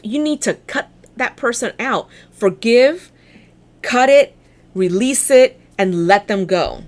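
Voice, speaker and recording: A woman giving a casual tarot reading, blunt, chatty and encouraging, often restarting her sentences. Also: medium pitch. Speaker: tarot reader.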